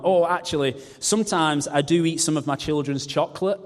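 A man's voice: a little high, fairly even intonation, quick pace, few pauses. A man preaching a sermon, mixing scripture with humorous, self-mocking asides. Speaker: pastor. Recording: long reverb of a large hall.

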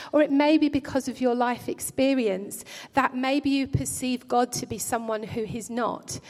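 A woman delivers a gentle, earnest sermon with a pastoral warmth of manner, often restarting her phrases. Her voice sits a little high. The recording carries the long reverb of a church hall. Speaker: preacher.

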